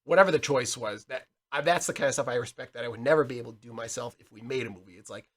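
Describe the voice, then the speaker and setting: A man's voice: mid-range voice, rapid-fire. A young man co-hosting a casual movie podcast, talking animatedly and acting out lines from films. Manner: animated, acts out quotes loudly. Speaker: podcast co-host.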